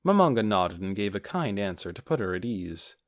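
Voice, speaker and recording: A man narrating a fantasy novel as an audiobook with expressive storytelling. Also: deep voice, normal speed. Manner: expressive storytelling, varied intonation.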